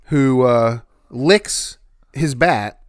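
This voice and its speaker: A man's voice: mid-range voice, very slow, dry recording, clean studio sound. A man co-hosting a casual podcast chat, rambling with many false starts. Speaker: podcast co-host.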